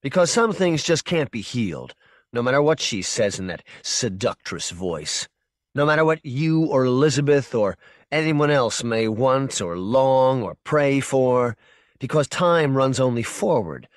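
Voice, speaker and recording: Slow, measured male audiobook narrator. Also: medium pitch, animated, dry recording, clean studio sound. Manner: measured, intense second-person telling. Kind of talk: scripted narration.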